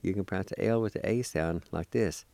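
A man's voice: low-pitched, brisk, vocal fry, dark tone, no room sound. A man teaching a language lesson, patiently spelling and pronouncing words syllable by syllable and encouraging the listener. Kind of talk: slow recorded language lesson.

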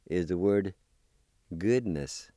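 A man giving a slow language lesson, spelling and pronouncing each word and repeating it patiently. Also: low voice, warm tone, no echo, clean studio sound. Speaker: language teacher.

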